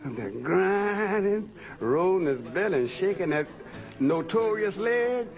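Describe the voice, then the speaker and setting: A man's voice: high voice, sing-song, measured pace, vocal fry. Amused man recounting with laughter. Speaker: interviewee. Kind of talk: documentary interview.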